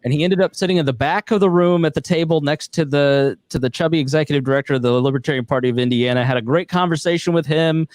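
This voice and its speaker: A relaxed male host moderating a question session over a video call. His voice is dry and close, with no room sound, and he talks in a loose, casual way. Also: fairly high pitch, fast talker, hardly any pauses, dry recording. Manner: relaxed, conversational, filler-heavy.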